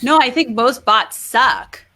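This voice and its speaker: Animated woman guest, bright and forceful tone, gushing chatter. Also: a little high, takes it slowly. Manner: excitable, gushing, lots of "like". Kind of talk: animated storytelling.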